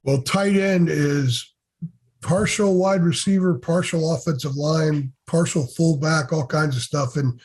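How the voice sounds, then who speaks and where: Male podcast host, husky voice pitched a bit high, self-deprecating, leads the questions. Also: unhurried, darkish tone. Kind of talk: casual podcast discussion.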